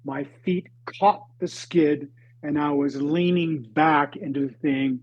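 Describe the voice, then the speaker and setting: Husky older man telling a dramatic story. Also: a little high, fairly even intonation, no room sound. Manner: halting, dramatic, with swings between loud and hushed. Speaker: guest. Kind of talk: storytelling in a podcast interview. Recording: dry, slightly dull lo-fi recording.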